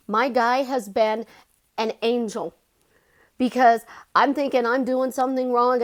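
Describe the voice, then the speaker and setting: A middle-aged woman with a fairly high voice, talking straight to her viewers as a life coach. Her delivery is animated and chatty, and she jumps up in pitch to stress a point. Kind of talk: casual vlog monologue.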